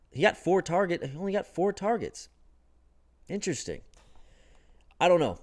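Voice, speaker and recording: A young man rants through a football recap on his own channel, energetic and quick to swear. His voice sits in a middle register with a mellow tone. He speaks plainly and with conviction. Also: medium pitch. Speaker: sports commentary host. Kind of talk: casual solo football recap.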